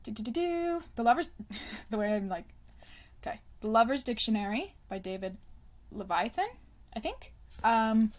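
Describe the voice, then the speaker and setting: A young woman with a fairly high, animated voice chats casually about her favorite books as a book vlogger, talking at a normal speed but pausing often. She rambles with plenty of ums and likes, laughs a lot, and sometimes drifts into soft, self-conscious whispered asides.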